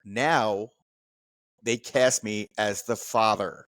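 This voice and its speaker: A man's voice: lowish voice, fairly even intonation, slow pace, a bit bright, dry recording. A man in his fifties from New Jersey hosting a casual chat, reminiscing animatedly and laughing often. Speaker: podcast host.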